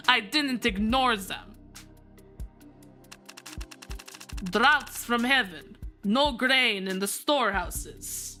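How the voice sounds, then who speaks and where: A woman voicing a scheming, menacing male oligarch in a game, with a shaky put-on Russian accent that slides toward French, delivered slowly. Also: on the high side, sharp tone, full character voice. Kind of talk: voice acting a visual novel on stream.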